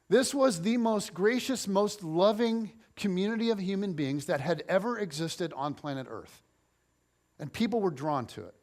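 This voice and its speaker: A man in his forties preaching as a pastor, telling personal stories in a chatty, self-deprecating way with playful humor. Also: high-pitched. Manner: playful humor, animated storytelling. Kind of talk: conversational sermon with personal stories.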